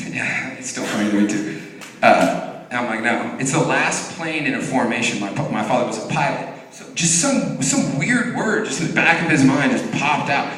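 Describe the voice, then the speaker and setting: A man in his thirties performs a profane stand-up set before a live audience, his mid-range voice moving at a moderate pace. He tells animated stories and acts out voices. The audio comes from far off in an echoey hall.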